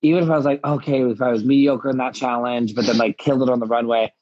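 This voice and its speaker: Husky-voiced man telling an animated story. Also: medium pitch, quick pace, no room sound. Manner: animated storytelling, acts out quotes, laughs often. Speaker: guest, drag performer. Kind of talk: casual interview chat. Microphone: live video call. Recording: dull lo-fi live-stream audio.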